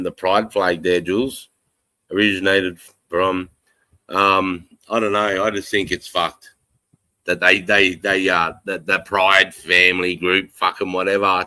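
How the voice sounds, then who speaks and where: A man's voice: low-pitched, sharp tone, dry recording. Blunt, swearing Australian man. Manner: blunt, profane, rambling. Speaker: livestream host reading chat. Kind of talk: casual live chat.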